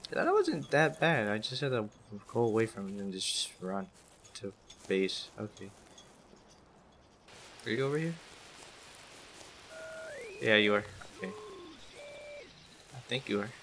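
A man with a fairly low voice talks his way through a horror game as he plays. He mutters to himself and rattles off the same words in quick bursts whenever something startles him. The recording has a clear layer of noise behind him. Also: a bit bright. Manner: jumpy, talks to himself, repeats phrases when scared. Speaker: gaming YouTuber. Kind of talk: live gameplay commentary.

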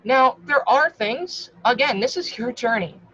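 A woman in her thirties talking frankly to camera in a casual advice vlog. She is warmly encouraging, swears freely and calls the viewer hun. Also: a little high, animated, unhurried, a little hiss or hum. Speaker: vlogger. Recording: slightly dull lo-fi recording.

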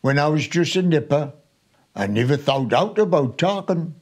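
A man's voice: fairly high pitch, a little mellow. An old man reciting as a plain-spoken North East lad. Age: 90s. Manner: rhyming, sing-song verse delivery. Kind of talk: reciting a poem in local dialect.

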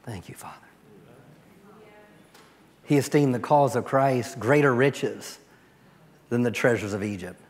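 Man preaching with a long reverb. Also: normal speed. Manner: storytelling, voice dropping low and soft for prayer. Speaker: pastor. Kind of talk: sermon. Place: church sanctuary.

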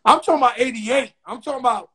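A middle-aged man hosts a casual talk show. His voice sits unusually high for a man. He talks in loose, profane banter that is full of laughs. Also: quick pace, sharp tone, slightly rough. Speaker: host.

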